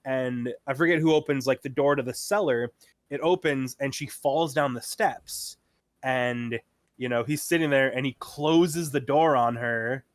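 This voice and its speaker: A man's voice: mid-range voice, measured pace, dry recording, clean studio sound. A man co-hosting a podcast, retelling a show in a rambling casual chat full of fillers and quoted lines. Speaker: podcast co-host.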